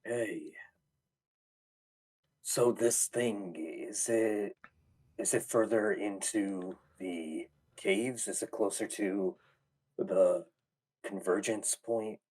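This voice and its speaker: A man's voice: on the low side, fairly even intonation, very slow, long pauses, a little mellow. A man playing a tabletop game, speaking hesitantly and asking careful questions. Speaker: player. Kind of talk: casual tabletop play.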